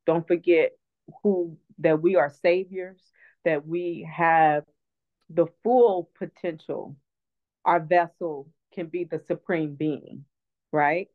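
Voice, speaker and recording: A woman's voice: on the low side, slow pace. Earnest woman over a tinny phone line. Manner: earnest, reflective, many restarts. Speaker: guest speaker. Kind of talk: personal storytelling in an online talk.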